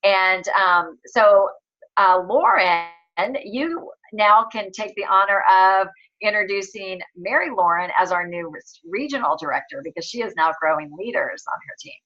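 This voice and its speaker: A woman's voice: medium pitch, moderate pace, bright, forceful tone. A woman hosting a team call, congratulating members in an upbeat way. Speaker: call host. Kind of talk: casual team call talk. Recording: dull lo-fi call audio.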